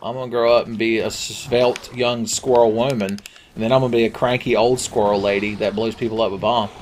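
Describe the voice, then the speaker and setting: A man's voice: lowish voice, fairly even intonation, a little fast, darkish tone, slight background noise, close to an everyday voice. Man voicing a cartoon squirrel girl, boastful, determined. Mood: defiant.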